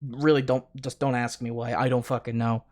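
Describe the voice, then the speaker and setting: A man talking on his own live stream in a middle-pitched voice, reacting to a clip. He mocks and jeers at the person he is responding to, swearing freely in an offhand, sarcastic way. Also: little pitch movement, a little fast, darkish tone. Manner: mocking, sarcastic, profane. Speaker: streamer host. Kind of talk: casual live-stream commentary.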